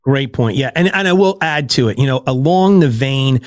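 A man's voice: mid-range voice, expressive, moderate pace, no room sound. A man, a podcaster guest in a casual interview, talking emphatically and repeating words for stress.

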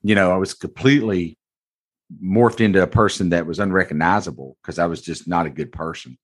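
A deep-voiced man in his forties who owns a car dealership tells his story to an interviewer at a fairly quick clip. He's blunt, earnest and folksy, calling the host "brother" as he talks candidly.

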